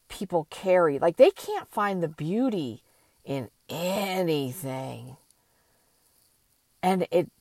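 An older woman talking slowly and thoughtfully in a reflective personal monologue, with many pauses and fillers. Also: on the low side, darkish tone, no room sound.

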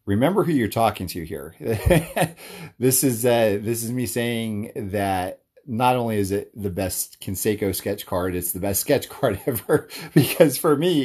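A man's voice: mid-range voice, darkish tone, husky. A man talking casually and enthusiastically to his audience, rambling with lots of fillers and restarts. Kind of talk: casual monologue.

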